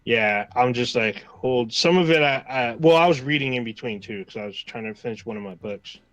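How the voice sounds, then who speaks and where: Relaxed rambling man, dry sound. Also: mid-range voice, a little fast, dry recording, muffled recording. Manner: relaxed, rambling, drops into quoted reactions. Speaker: podcast co-host. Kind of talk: casual livestream chat.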